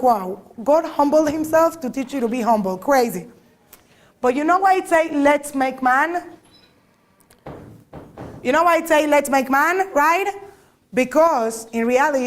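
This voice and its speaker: A woman giving an animated talk to a live audience, telling stories, joking and asking the listeners questions. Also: high voice. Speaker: speaker giving a religious talk. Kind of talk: lively storytelling talk to an audience.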